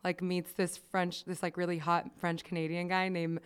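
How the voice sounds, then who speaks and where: A woman's voice: fairly low pitch, completely flat delivery, normal speed, clear, resonant tone. A young woman hosting a podcast, chatting casually, giggly and rambling. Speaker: podcast host. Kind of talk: casual chat.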